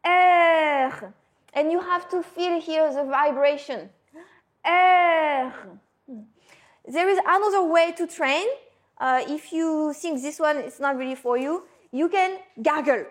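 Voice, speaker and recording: A woman's voice: sits high, normal speed. A woman, a teacher patiently coaching pronunciation and often checking in with "hmm?". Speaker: French teacher. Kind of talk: pronunciation lesson.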